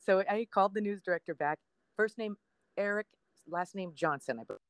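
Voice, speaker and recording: A woman in her sixties, a TV meteorologist guesting on a podcast interview, chattily tells a personal story and acts out the dialogue people said. Her mid-range voice is brisk with lively intonation, in a dry recording.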